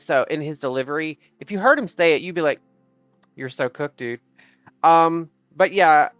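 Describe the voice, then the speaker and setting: A woman livestreamer telling a funny work story in casual chat, animated and quick to laugh and swear. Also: sits low, dry recording.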